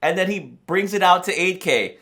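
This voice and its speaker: A man hosting a camera channel, reacting to a new release in a rambling, excitable way and laughing in disbelief. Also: sits high, normal speed, vocal fry. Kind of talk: excited casual reaction vlog.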